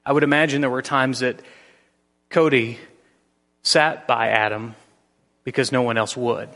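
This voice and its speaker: A man's voice: mid-range voice, steady tone, a little slow, a bit bright. Man preaching in an echoing hall. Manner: storytelling, varied emphasis. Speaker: pastor. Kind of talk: sermon.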